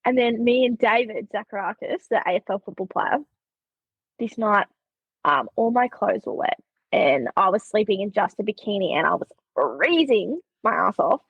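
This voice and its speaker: A young Australian woman telling stories as a podcast guest, animated, laughing often and saying "like" a lot. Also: medium pitch, moderate pace, vocal fry, breathy edge, no echo, narrow, tinny audio. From Queensland, Australia. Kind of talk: casual storytelling.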